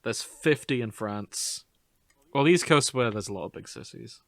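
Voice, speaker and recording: A man co-hosting a podcast in a relaxed, joking chat. His voice is bright and forward, and it sounds close and dry, with no room echo. He reads facts aloud in a dry, wry way. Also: medium pitch, normal speed. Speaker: podcast co-host. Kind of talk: casual chat.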